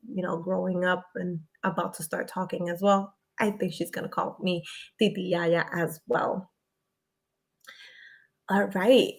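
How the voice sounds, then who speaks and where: A woman's voice: lowish voice, a bit bright. Chatty young woman on a live stream. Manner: chatty, reads comments aloud and greets viewers. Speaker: YouTuber answering viewer questions. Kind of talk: casual live stream chat.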